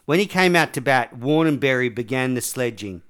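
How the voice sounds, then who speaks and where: A man's voice: mid-range voice, animated, moderate pace, fairly bright tone, clean tone. A man, hosting a podcast and reading quiz questions in a chatty, joking way. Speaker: podcast host. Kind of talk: casual chat, quiz hosting.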